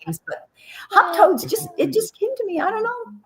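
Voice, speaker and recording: A woman novelist talking in a casual radio interview, chatty and animated, often restarting her phrases. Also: very high-pitched, moderate pace. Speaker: novelist guest.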